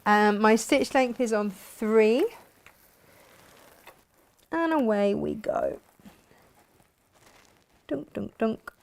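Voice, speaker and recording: A woman's voice: a little high, extremely slow, long pauses. A woman chatting casually through a sewing tutorial as she works, self-mocking and talkative. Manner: chatty, self-mocking, talks while working. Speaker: sewing vlogger and shop owner.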